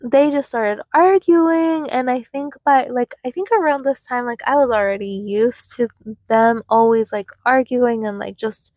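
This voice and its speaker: A woman's voice: fairly high pitch, measured pace, darkish tone, no echo. A young woman vlogger telling a personal story in a casual, rambling way, full of fillers and restarts.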